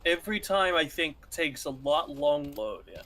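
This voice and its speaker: A man's voice: fairly high pitch, sing-song, normal speed, vocal fry, sharp tone. A man hosting a casual gaming stream, rambling and laughing often with friends. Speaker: streamer host.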